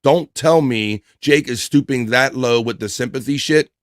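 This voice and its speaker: A man hosts a live stream in casual, profane banter, reading the chat aloud and hyping up his viewers. His voice sits mid-pitched, recorded dry and close. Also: moderate pace, no room sound. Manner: loose, profane, hyped banter.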